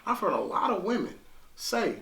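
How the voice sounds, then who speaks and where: Bright-voiced guy hosting a group chat, talks over folks, echoey room. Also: high-pitched, normal speed, gravelly. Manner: animated, holds the floor, repeats himself. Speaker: host. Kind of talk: casual group discussion. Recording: roomy echo, mic far off.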